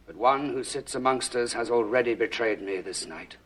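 An actor playing a solemn Jesus figure in a comedy film clip, speaking in grave, measured biblical phrasing. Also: male voice, medium pitch, a bit bright, breathy edge, rough recording.

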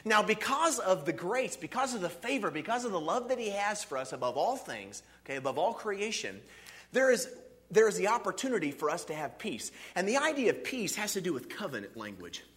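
Pastor type, male, slightly high voice with a lively, swooping delivery; preaches in a chatty, animated way. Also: a little fast. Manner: animated, conversational preaching with frequent "see" and "okay". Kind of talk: sermon.

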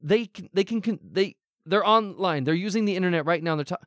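A man's voice: high-pitched, brisk, a bit bright, no room sound, clean studio sound. A man playing the host of an advice show, stammering and hesitant but trying to stay polite, in an improvised comedy. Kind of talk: improvised comedy role-play.

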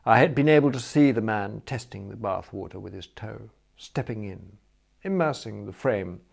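A man's voice: lowish voice, normal speed, vocal fry, breathy edge. Man narrating a comic audiobook. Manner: lively, mock-grand storytelling.

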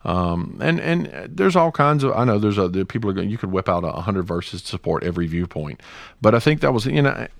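A middle-aged man with a low voice co-hosting a casual podcast, talking passionately and circling back on himself. The sound is dry and close, with no room around it. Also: sing-song, a little fast, gravelly, dry recording. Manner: rambling and passionate, many restarts. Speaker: podcast co-host.

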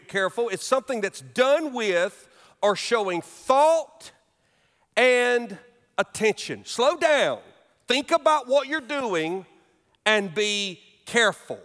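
A middle-aged man preaching a sermon as pastor, telling humorous stories with animated delivery in a church sanctuary. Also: very high-pitched. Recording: long reverb of a large hall.

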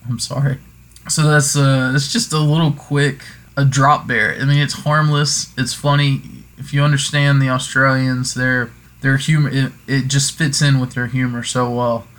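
A man's voice: mid-range voice, level tone, moderate pace, fairly bright tone. Jokey man rambling through folklore. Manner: digressive, self-correcting, jokey asides. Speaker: podcast host. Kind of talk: casual folklore talk.

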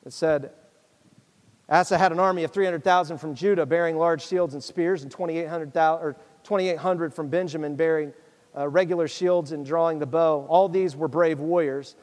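A male pastor with a high voice preaches in a casual, conversational way. He moves between reading scripture and urging his listeners directly. His voice rings through a hall with a long echo. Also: fairly even intonation, normal speed, darkish tone. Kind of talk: sermon.

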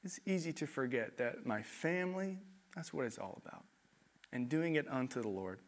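A man preaching a sermon in a conversational, animated way, with self-deprecating asides. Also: medium pitch, normal speed. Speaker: pastor.

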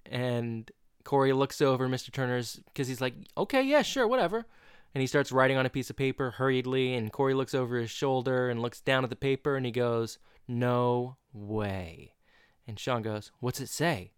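Joking man podcast co-host, clear voice. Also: medium pitch, flat delivery, fairly quick, no echo, clean studio sound. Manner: joking, playful banter. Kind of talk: casual chat recapping a sitcom.

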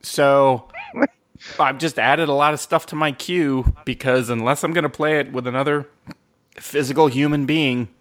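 A man's voice: mid-range voice, fairly even intonation. Rambling, profane man chatting casually. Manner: rambling, profane, quick asides. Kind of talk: casual chat.

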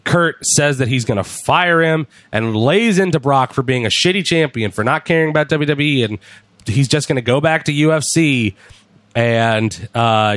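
A man chatting casually, retelling events with lively acted-out quotes as a podcast host. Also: mid-range voice, no echo. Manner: animated storyteller, acts out quotes. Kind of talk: casual chat recapping wrestling.

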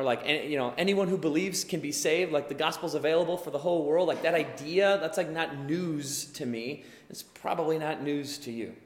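Earnest young preacher in an echoey hall. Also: male voice, on the high side. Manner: earnest, explanatory, builds to emphatic bursts. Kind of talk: sermon. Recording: echoey hall with long reverb.

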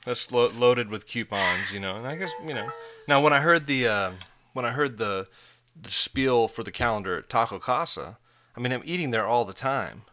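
A man's voice: medium pitch, expressive, moderate pace, sharp tone. A man in his forties co-hosting a casual chat, telling rambling, self-mocking stories with frequent laughter. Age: 40s. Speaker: podcast co-host.

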